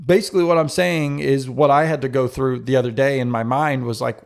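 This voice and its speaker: A man's voice: mid-range voice, moderate pace, vocal fry, few pauses, a little mellow. A married man hosting a podcast, talking candidly and self-critically and speaking directly to the men listening. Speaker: podcast host. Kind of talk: casual solo podcast talk.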